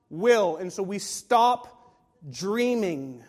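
A man's voice: high-pitched, animated, takes it slowly. A man preaching a sermon to a congregation, emphatic and full of rhetorical questions. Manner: emphatic, rhetorical questions, acts out quoted voices. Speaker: pastor. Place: large room with a live congregation. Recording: long hall reverb.

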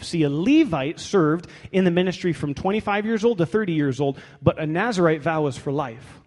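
A man's voice: on the high side, animated, moderate pace, hardly any pauses, a little mellow. A man pastor preaching a sermon in a conversational, wry way, reading scripture aloud in a church. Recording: long hall reverb.

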